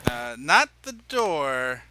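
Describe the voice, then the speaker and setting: A man's voice: mid-range voice, big pitch swings, very slow, background noise. A man narrating as dungeon master in a tabletop game, describing scenes in a rambling, hesitant way with many fillers.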